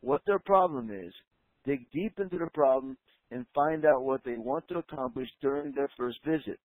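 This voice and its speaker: A man's voice: mid-range voice, no echo, phone-quality sound. Emphatic male practice coach, dry sound. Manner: emphatic, slows down to stress key points. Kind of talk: training talk.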